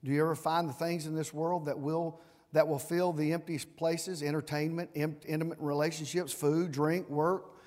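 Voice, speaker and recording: A man's voice: on the high side, little pitch movement, moderate pace, darkish tone. A man, a pastor preaching a folksy, self-deprecating sermon and closing in prayer. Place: large church sanctuary. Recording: long reverb in a large hall.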